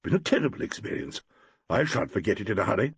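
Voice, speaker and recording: Reader as a plain-spoken elderly actress, matter-of-fact and husky. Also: male voice, fairly low pitch, big pitch swings, fast talker, no room sound, heavily acted. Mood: grim. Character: old actress, blunt and steady.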